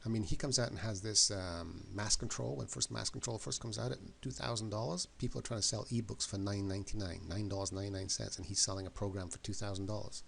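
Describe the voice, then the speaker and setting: A man's voice: on the low side, steady tone, fast talker, vocal fry, hardly any pauses, a bit bright, slight background noise. A man giving an emphatic motivational talk, often repeating words and questions for effect. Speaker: motivational speaker.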